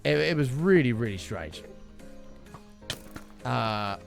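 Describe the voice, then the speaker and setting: A man's voice: medium pitch, expressive, slow, gravelly, over music. A young man streaming a game, casually telling a story, swearing freely and acting out his own quotes. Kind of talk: casual storytelling while gaming.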